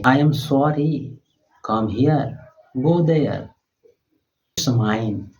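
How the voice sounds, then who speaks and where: A man teaching English by reading short example questions and phrases aloud, one at a time. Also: medium pitch. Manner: slow, deliberate drilling of short sentences. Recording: dull lo-fi sound.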